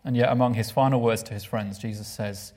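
Male preacher, mid-pitched, expressive delivery that drops to a hush for emphasis, asks the congregation questions. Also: brisk. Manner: asks the listeners rhetorical questions. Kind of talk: sermon.

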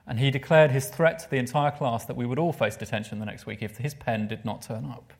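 Male preacher, mid-pitched, expressive delivery that drops to a hush for emphasis, asks the congregation questions. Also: fairly quick, breathy edge. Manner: asks the listeners rhetorical questions. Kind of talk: sermon.

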